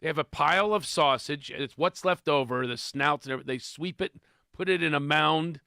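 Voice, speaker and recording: A man from Philadelphia with a Philadelphia accent, a comedian telling animated jokes in a radio studio. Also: fairly high pitch, brisk, creaky, smooth, no echo. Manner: animated joke-telling, acts out voices. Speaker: comedian guest. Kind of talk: radio studio banter, storytelling.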